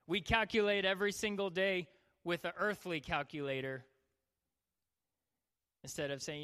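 A man's voice: sits high, steady tone, normal speed, pushed and bright, clear, resonant tone. A young man preaching a sermon as a youth pastor, joking and acting out the people in his stories. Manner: joking, acts out voices. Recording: long hall reverb.

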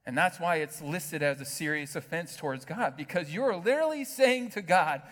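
A man preaching a sermon as pastor, animated, asking the congregation rhetorical questions. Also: on the high side, normal speed. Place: church hall with long reverb. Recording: reverberant hall sound.

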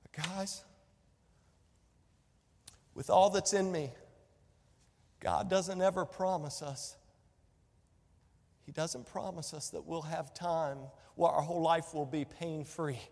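A man's voice: a little high, steady tone, slow, vocal fry, long pauses, darkish tone, in a large hall. A man preaching a sermon as pastor, impassioned and repeating phrases for emphasis.

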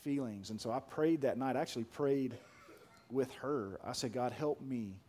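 A pastor in his thirties preaching a sermon, emphatic and deliberate, then soft and hushed as he tells a personal story. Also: medium pitch, a little hiss or hum.

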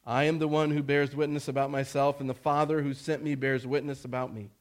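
A man reading as a calm authoritative teacher. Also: medium pitch, close to an everyday voice. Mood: solemn. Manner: measured, plain reading of quoted speech.

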